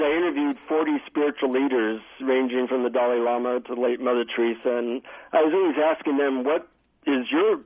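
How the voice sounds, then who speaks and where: A middle-aged man, an author being interviewed, telling animated stories with many fillers. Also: mid-range voice. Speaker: author and guest. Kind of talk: phone interview storytelling. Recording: tinny phone line.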